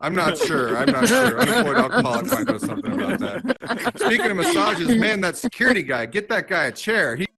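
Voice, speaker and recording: A man in his thirties performing a stand-up set on a comedy club stage, with dry, self-mocking jokes and quick asides to the crowd. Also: high-pitched, big pitch swings, vocal fry, pushed and bright, poor audio. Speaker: stand-up comedian hosting the show.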